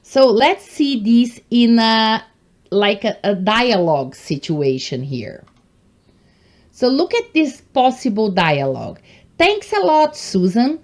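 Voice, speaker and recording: A woman's voice: fairly high pitch, sing-song, takes it slowly. A woman gives an online English lesson, encouraging her viewers and calling them guys. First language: Portuguese. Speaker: English teacher.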